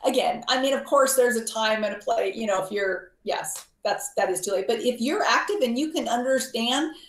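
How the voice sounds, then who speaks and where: A woman's voice: on the high side, expressive, moderate pace. A woman guest on a health talk show, earnestly explaining health points. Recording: roomy echo.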